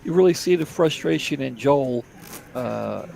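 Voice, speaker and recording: A man's voice: medium pitch, expressive, unhurried, vocal fry, darkish tone. A middle-aged man from Delaware giving laid-back, chatty play-by-play commentary on a live poker broadcast.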